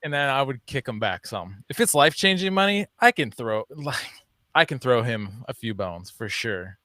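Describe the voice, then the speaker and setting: A man's voice: medium pitch, lively intonation, normal speed, pushed and bright, no echo, clean studio sound. A man co-hosting a live podcast, teasing and laughing, swearing casually. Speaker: podcast co-host.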